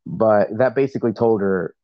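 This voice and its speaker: Low-voiced man rambling through a story. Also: normal speed, no room sound, highs cut off. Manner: rambling, many fillers and restarts. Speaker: voice message caller. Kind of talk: casual storytelling.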